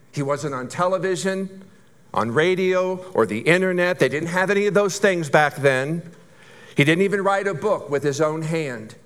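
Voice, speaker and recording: A man with a fairly high voice preaches to his congregation. He speaks conversationally, asks his listeners questions and builds up long lists of phrases. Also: a bit bright. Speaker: pastor. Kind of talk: sermon.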